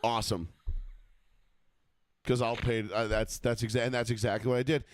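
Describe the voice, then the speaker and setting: A man's voice: mid-range voice, flat delivery, normal speed, no room sound. A man in his thirties co-hosting a casual podcast, ranting bluntly and swearing freely as he tells stories. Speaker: podcast co-host. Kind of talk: casual profane chat.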